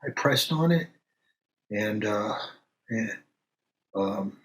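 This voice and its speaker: An actor playing a middle-aged country doctor who tells a strange story in an unhurried, halting way, full of pauses and fillers. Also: male voice, lowish voice, expressive, reverberant. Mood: steady recounting. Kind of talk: audio drama acting.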